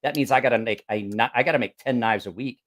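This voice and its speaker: A man's voice: medium pitch, quick pace, no room sound. Blunt, foul-mouthed man telling stories. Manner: blunt, profane, animated storyteller. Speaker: podcast host and knife sharpener. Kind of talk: casual chat.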